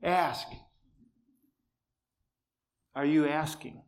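A man's voice: fairly high pitch, extremely slow. A man preaching, telling a personal story in an easy, conversational way with dry humor; he says he cannot raise his voice. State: cannot shout, voice strained.

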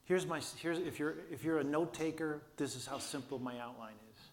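An older man preaching a sermon, telling a story earnestly with restarts and quiet asides, his voice held back by vocal cord damage. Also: a little high, a little fast, a little hiss or hum. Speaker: pastor.

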